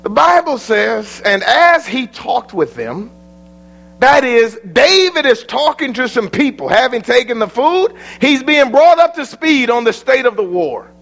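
Dramatic American preacher. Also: male voice, very high-pitched, expressive, moderate pace, vocal fry, few pauses, fairly bright tone, poor audio. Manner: dramatic, storytelling, folksy. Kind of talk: sermon.

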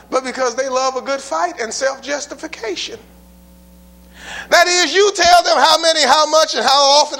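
A preacher with a notably high voice delivers a sermon to his congregation. He is emphatic and folksy, drives points home with rhetorical questions, and loosens things up with casual asides. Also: sharp tone. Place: church building before a congregation.

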